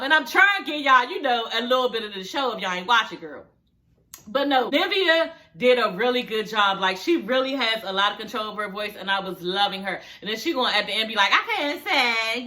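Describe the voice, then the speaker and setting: A woman chatting casually to her viewers, sassy and blunt, cursing freely. Her voice sits a little high and rings bright and forceful. She sounds close to the mic in a home setting. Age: adult with a daughter. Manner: sassy, blunt, swears freely, sings snippets mockingly. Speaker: show reviewer. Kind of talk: casual reaction commentary.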